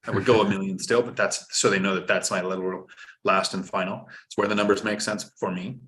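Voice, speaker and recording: Low-voiced man hosting a finance stream. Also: steady tone, fairly quick, fairly bright tone. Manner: instructive, joking, reads viewer chat aloud. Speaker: host. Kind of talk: live-stream finance chat.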